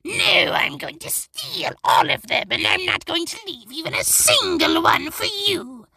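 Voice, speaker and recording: A man voicing a greedy little cave creature that gloats over stolen jewels, in a high croaking voice. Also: sing-song, unhurried, pushed and bright, no echo, heavily acted. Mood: gloating. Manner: gloating and taunting.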